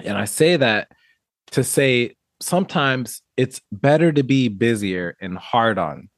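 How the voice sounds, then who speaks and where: A man in a casual podcast chat, telling animated, profane stories about managing people and acting out quotes. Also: medium pitch, measured pace, no echo, clean studio sound.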